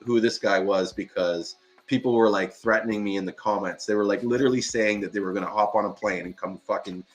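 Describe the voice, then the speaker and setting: A man in casual live-stream chat, telling a story in an animated, profane way and laughing often. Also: fairly low pitch, a little fast, faint music behind.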